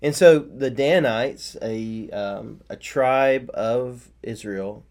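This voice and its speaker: A man's voice: medium pitch, takes it slowly, darkish tone. A man co-hosting a casual Bible study talk, rambling with many fillers and restarts. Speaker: podcast co-host.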